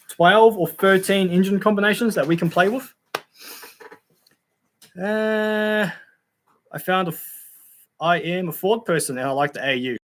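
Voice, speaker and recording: A man's voice: sits high, animated, normal speed, long pauses, a bit bright, slight background noise. A young man hosting a casual livestream, reading out viewer comments in a chatty, laid-back way with frequent ums and laughs.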